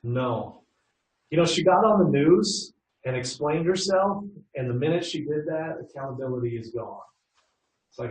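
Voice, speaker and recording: A man's voice: a little high, expressive, normal speed, a little mellow. A middle-aged man leading a customer service workshop, chatting with the audience and asking them questions. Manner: conversational, asks the audience questions. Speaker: workshop leader. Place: training room. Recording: roomy echo from a distant mic.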